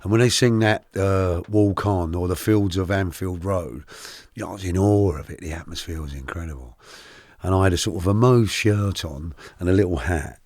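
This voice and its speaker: A middle-aged man, a podcast guest telling his life story candidly, animated and often restarting his sentences. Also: sits low, no echo. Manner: animated, halting with many restarts.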